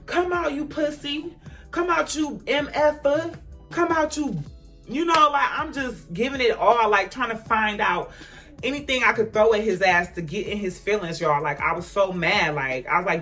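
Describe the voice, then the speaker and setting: A woman vlogger telling a personal story in a casual storytime, emphatic and animated, talking straight to her viewers. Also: lowish voice.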